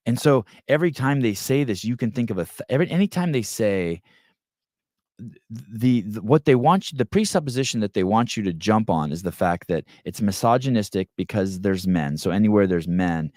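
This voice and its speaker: This podcast host rambles through a story, frequently starting over and performing the quoted lines as he goes. He speaks briskly in a lowish, slightly mellow voice, and the studio recording is clean and dry.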